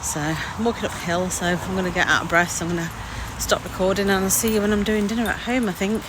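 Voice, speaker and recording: A woman's voice: medium pitch, fairly even intonation, fast, background noise. Chatty woman vlogging outdoors. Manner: chatty, rambling. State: out of breath at times. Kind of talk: casual daily vlog. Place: outdoors walking, sometimes at home.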